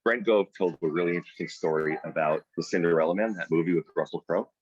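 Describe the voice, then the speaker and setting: A low-voiced man with a husky edge leads a team meeting over a video call. He tells stories and pushes his point hard, jumping up to loud, high peaks. The sound is dry and dull, like lo-fi call audio. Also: fast, no room sound. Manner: storytelling, emphatic, rising to loud high peaks. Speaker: team leader running a weekly sales meeting. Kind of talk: motivational talk on a video call. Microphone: video call microphone.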